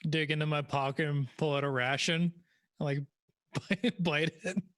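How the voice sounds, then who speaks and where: A man playing a tabletop game, relaxed and joking as he describes what his character does. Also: a little high, moderate pace. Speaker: player. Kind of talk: casual chat during a tabletop game.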